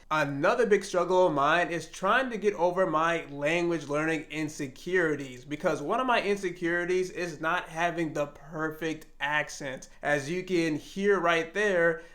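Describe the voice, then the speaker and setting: A man's voice: on the high side, fairly bright tone. A man vlogging about learning a language, earnest and self-reflective as he talks about his insecurities. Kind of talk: casual explanatory vlog narration.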